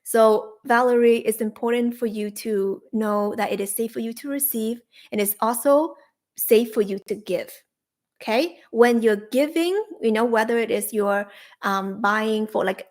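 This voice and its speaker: A young adult woman hosting a live-streamed spiritual coaching talk, leading soothing repeated affirmations with bursts of excitement. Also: medium pitch, normal speed.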